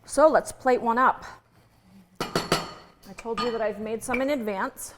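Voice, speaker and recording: A woman's voice: fairly high pitch, takes it slowly, background noise. A woman chef teaching a recipe in a kitchen, chatty and playful with jokey asides. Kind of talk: casual home cooking demonstration.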